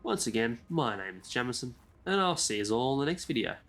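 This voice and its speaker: A man's voice: medium pitch, very animated, fairly quick, fairly bright tone, a little hiss or hum. A man giving a casual, chatty game walkthrough as a gaming YouTuber, drifting into side comments. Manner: easygoing, chatty, rambles into asides.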